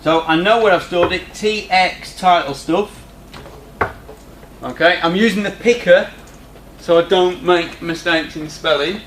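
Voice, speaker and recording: A man's voice: high-pitched, measured pace, fairly bright tone. A man teaching a coding lesson in a classroom, talking informally with teasing asides to his students. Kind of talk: screen-recorded coding tutorial. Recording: echoey room with faint background hum.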